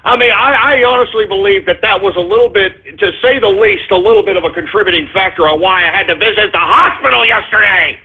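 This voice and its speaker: A high-pitched man with a husky edge rants and curses in exasperation as he hosts a talk radio show. His voice comes through thin and tinny, like a phone line. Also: quick pace, few pauses. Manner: profane, exasperated ranting.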